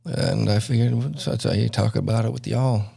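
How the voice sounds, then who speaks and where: A man's voice: medium pitch, steady tone, normal speed, vocal fry, warm tone, husky, no echo, studio quality. A man hosting a stream in casual commentary, rambling with lots of fillers and restarts. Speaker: stream host.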